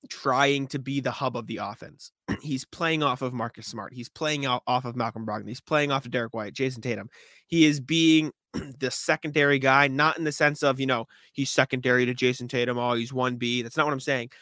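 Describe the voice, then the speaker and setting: Guy podcasting hoops, bright sharp voice, dry close sound, keeps clearing his throat. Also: medium pitch, fairly even intonation, no room sound. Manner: rambling, quick restarts, frequent throat clearing. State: hiccups. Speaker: podcast co-host. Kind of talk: casual sports chat.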